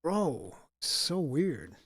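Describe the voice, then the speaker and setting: A man hosting a casual live gaming stream, excitable and profane. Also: fairly high pitch, very slow, husky, dry recording, studio quality. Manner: excitable, profane, says bro. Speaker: streamer host.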